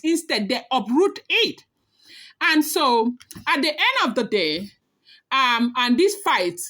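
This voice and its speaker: A woman's voice: fairly high pitch, fairly bright tone. A woman talking casually as a celebrity gossip blogger, chatty and emphatic, speaking straight to her viewers.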